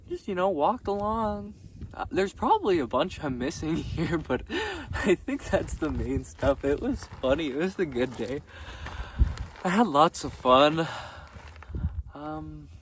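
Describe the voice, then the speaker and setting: A man vlogging outdoors on a gravel road, casually recapping his day with frequent laughter and easy swearing. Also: a little high. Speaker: vlogger dressed as a jester. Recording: distant mic with faint outdoor noise.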